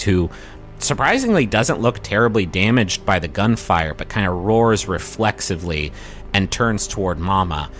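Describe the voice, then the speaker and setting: A man narrating a tabletop game as game master, telling the scene with frequent ums and quick asides. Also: fairly low pitch, fairly bright tone, a little hiss or hum.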